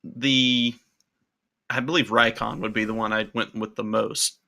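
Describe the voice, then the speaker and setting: A man being interviewed on a podcast, explaining his work in a measured, step-by-step way. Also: lowish voice, little pitch movement, gravelly, bright, forceful tone. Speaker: podcast guest, role-play video creator. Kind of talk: casual interview chat.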